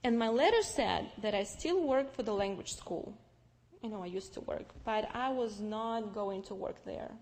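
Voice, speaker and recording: A young woman with a Russian accent, Russian-speaking by birth, telling her personal faith story to an audience in a lively, storytelling way. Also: mid-range voice, moderate pace. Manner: lively storytelling with restarts and acted-out dialogue. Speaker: speaker giving testimony. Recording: long reverb from a large hall.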